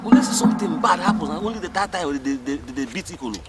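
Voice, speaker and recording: An actor with a Nigerian accent playing a young laborer who feels drained, talking in a halting, pleading way with pidgin. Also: male voice, high-pitched, animated, far from the mic. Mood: weary. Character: young laborer, weak and dispirited at work. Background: loud music.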